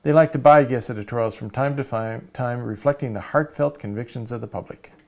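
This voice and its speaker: A man's voice: mid-range voice, a little fast, gravelly, a little mellow, close to an everyday voice. A man reading the lines of a cartoon character who keeps second-guessing himself. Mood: fretful. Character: fretful male cartoon character drafting an editorial.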